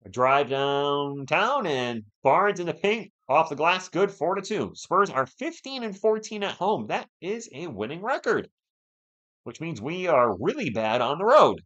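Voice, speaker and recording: A man's voice: a little high, a little slow, dull audio. A man hosting a fan live stream, calling the game play by play and bantering with the chat. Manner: animated, partisan, banters with chat.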